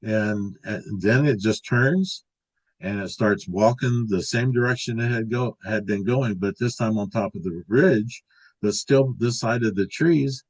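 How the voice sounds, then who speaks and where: Older male guest, lowish voice, casual rambling storyteller. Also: unhurried, low-quality recording. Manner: rambling, restarts and filler words. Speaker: interview guest recounting an encounter.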